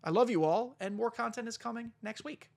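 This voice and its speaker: A man giving excitable, chatty live commentary on his own baseball video game play, talking straight to his viewers. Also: very high-pitched, brisk, gravelly. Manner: excitable, chatty, talks to chat. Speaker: gaming YouTuber.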